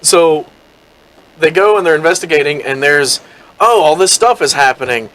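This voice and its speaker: Co-host and game master, a man with a slightly high, rambling storyteller's delivery. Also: animated, moderate pace, fairly bright tone, low-quality recording. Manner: rambling, with many fillers while recounting. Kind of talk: casual chat, storytelling.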